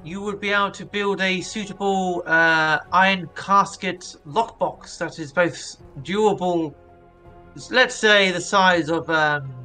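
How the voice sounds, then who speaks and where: Brief: a man doing a slow, high, stilted businessman who hedges every word. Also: sharp tone, soft background music, full character voice. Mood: evasive. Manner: halting and formal, full of hesitations. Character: pompous male merchant with shady motives.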